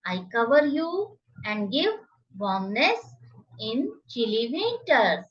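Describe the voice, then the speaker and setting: Slow, sing-song woman teaching phonics. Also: on the high side, very animated, far from the mic, dull audio. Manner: slow, carefully enunciated, sing-song drilling of words. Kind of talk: children's phonics lesson.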